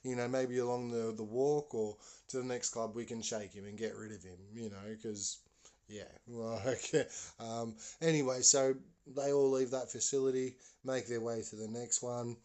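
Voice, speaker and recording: A man's voice: mid-range voice, fairly even intonation, moderate pace, warm tone. A man hosting a podcast, telling a story casually and rambling with lots of fillers. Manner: rambling, full of "you know" fillers. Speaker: podcast host.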